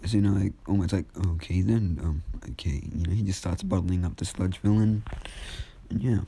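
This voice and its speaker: A young man casually retelling a fan story in a rambling, filler-heavy way. His voice is low and very dark, mellow rather than bright. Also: fairly even intonation, a little fast, vocal fry, slightly rough. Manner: rambling, full of fillers and restarts.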